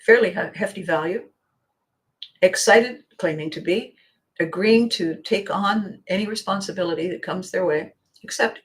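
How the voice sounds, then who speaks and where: A woman's voice: fairly low pitch, normal speed, a little hiss or hum. A middle-aged woman hosting a podcast, telling a story animatedly and laughing often. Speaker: podcast host. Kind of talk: storytelling monologue.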